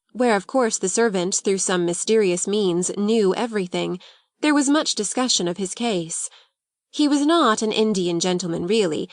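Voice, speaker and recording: A woman's voice: medium pitch, dry recording. Woman narrating a classic novel, dry sound. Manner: measured storytelling. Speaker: audiobook narrator. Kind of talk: scripted narration.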